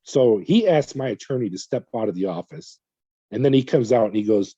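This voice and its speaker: A man's voice: mid-range voice, brisk, slightly rough, no echo, dull audio. A man, a former corrections officer, telling his story in an interview, acting out what people said to him. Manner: animated retelling with quoted dialogue.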